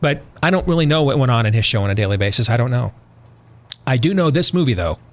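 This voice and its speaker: A man's voice: mid-range voice, expressive, fast talker. A man hosting a talk radio show who gives emphatic opinions and speaks straight to his listeners. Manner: emphatic, addresses listeners directly. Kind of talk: opinionated commentary.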